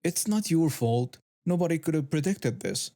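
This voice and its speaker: A man voicing a polite, soft-spoken teenage blind girl. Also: on the high side, animated, moderate pace. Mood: grateful. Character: frightened but brave teenage blind girl.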